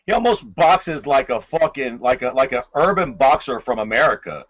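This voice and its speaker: A man's voice: medium pitch, big pitch swings, normal speed, fairly bright tone, dull audio. A man co-hosting a podcast, giving blunt, profane opinions in casual sports banter. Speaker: podcast co-host.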